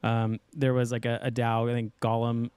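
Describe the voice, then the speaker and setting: A man's voice: medium pitch, completely flat delivery, moderate pace, a little mellow, smooth, no echo. A man co-hosting a podcast in easygoing, joking casual chat. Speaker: podcast co-host.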